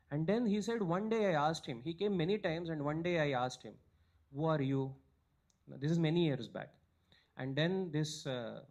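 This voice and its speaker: A man telling a devotional story at a weekly satsang, growing animated at the high points of the story.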